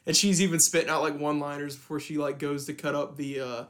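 A young man casually talking about a horror film as podcast co-host, in a loose, halting way with restarts. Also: fairly high pitch, level tone, a bit bright. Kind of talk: casual film review chat.

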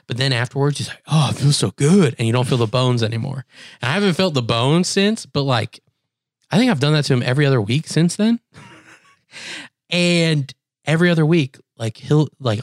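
A man co-hosting a podcast in casual chat, rambling through stories and acting out quoted people in high, squeaky voices. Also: dry recording, studio quality. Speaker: podcast co-host.

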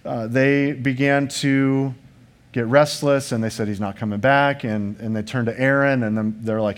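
Male pastor, mid pitch, earnest emphatic sermon delivery with conversational asides. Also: steady tone, moderate pace. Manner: earnest, emphatic preaching with rhetorical questions; restarts and fillers, conversational asides to the congregation.

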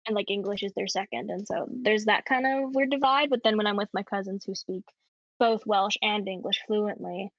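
A woman's voice: mid-range voice, steady tone, normal speed, fairly bright tone, no room sound. A young woman with a Canadian accent in casual chat, talking with lots of fillers and frequent laughs. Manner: chatty, laughs often, many fillers. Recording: dull lo-fi sound.

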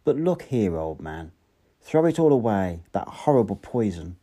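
A man voicing an earnest, passionate young male outsider who speaks in a loud, ringing voice. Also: lowish voice, very animated, moderate pace, slightly rough. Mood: impassioned.

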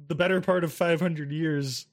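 A man in casual gaming chat, swearing often and laughing through animated rants. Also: on the high side, normal speed.

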